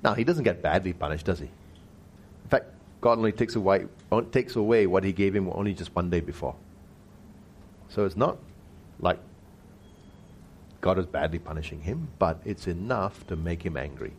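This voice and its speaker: In a deep voice, with a faint hiss or hum present, a man gives an expository Bible teaching. He repeatedly asks rhetorical questions of his listeners and slows his pace to stress key words.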